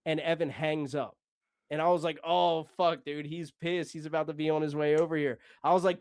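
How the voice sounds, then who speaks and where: A man's voice: a little high, fairly even intonation, moderate pace, no echo, clean studio sound. A man telling a long story casually, rambling, swearing and acting out the dialogue.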